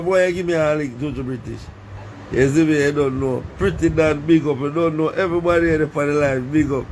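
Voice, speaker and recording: A man's voice: on the high side, darkish tone, a little hiss or hum. A man with a Caribbean accent chatting casually to his viewers in a rambling, Creole-tinged way, breaking into laughter and calling out to them. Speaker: vlogger.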